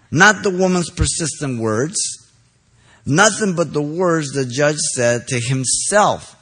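A man preaching an expository sermon, stressing key phrases loudly and then dropping low, pausing to ask listeners if they are following. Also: husky. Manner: asks the congregation checking questions.

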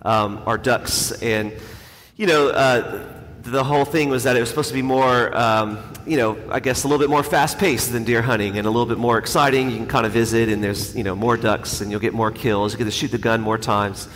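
A man's voice: medium pitch, fairly even intonation, a little fast, fairly bright tone, slight background noise. A man, a priest, telling a self-deprecating story in a casual, conversational homily. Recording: long hall reverb, faint ambience.

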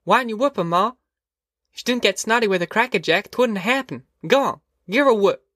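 A man's voice: high-pitched, animated, fairly quick, fairly bright tone, dry recording, clean studio sound, voice pushed up. A man voicing a smug, tattling little farm boy with a whiny, needling tone.

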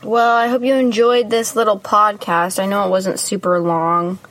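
A woman's voice: medium pitch, level tone, moderate pace, fairly bright tone, rough recording. A young woman hosting a casual chat podcast, giggly and playful, often unsure of herself. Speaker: podcast host.

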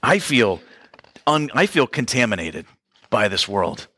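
A man delivers a sermon in an easygoing, conversational way, turning often to the congregation with quick asides. His voice is bright and forceful at a middle pitch. The sound is dry and close, with no room echo. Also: sing-song, husky. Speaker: pastor.

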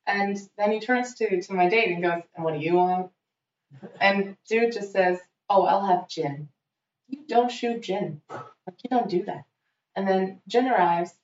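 Lively woman storyteller, roomy distant sound. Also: mid-range voice, unhurried. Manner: lively storyteller acting out quotes. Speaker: guest telling a story. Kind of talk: casual chat. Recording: dull, roomy, off-mic sound.

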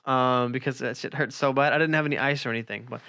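A young man in casual chat, swearing constantly while telling a story in an animated way. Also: medium pitch, quick pace, no room sound, studio quality.

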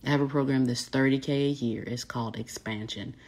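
Southern woman, business coach, casual live-stream chat; husky, low, a little gravelly, smooth folksy delivery. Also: fairly even intonation, fairly quick, a little mellow. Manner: folksy, says y'all often, smooth delivery.

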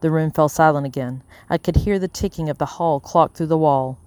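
An audiobook narrator reading a first-person story in a steady, measured way. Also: mid-range voice, no echo.

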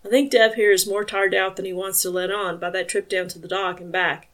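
A woman's voice: mid-range voice, flat delivery, fairly quick, a bit bright, natural voice. A woman reading a friendly, easygoing male family friend in an audiobook, in a light, casual voice.

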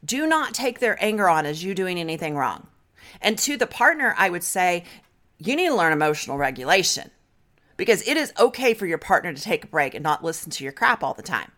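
Woman therapist, lowish voice, lively up and down, blunt practical coaching. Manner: direct, coaching, guides breathing slowly. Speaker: marriage therapist. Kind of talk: advice talk to camera.

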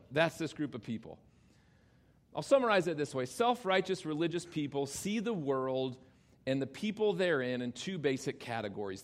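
A man preaching a sermon as a pastor, talking emphatically and swinging between loud exclamations and quiet low asides. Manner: addresses children in the congregation directly.

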